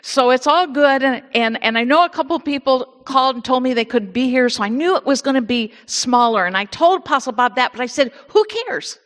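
A woman with an Indiana accent, leading a lively prayer and sermon in a church sanctuary. Her voice sits high and bubbles with excitement, full of repeated words. It rings out with a long hall echo. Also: brisk, few pauses. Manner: exuberant, repeats words, laughs often. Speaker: minister leading a church service.

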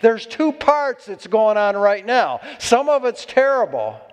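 A man's voice: high voice, very animated, unhurried, long reverb tail. A man preaching a sermon as pastor, exhorting and calling for amens from the congregation.

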